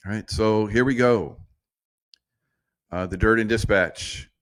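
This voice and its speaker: Lower-pitched man in rambling commentary. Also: takes it slowly, pauses often, fairly bright tone, dry recording. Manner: rambling, digressive, laughs at own jokes. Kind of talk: casual political commentary.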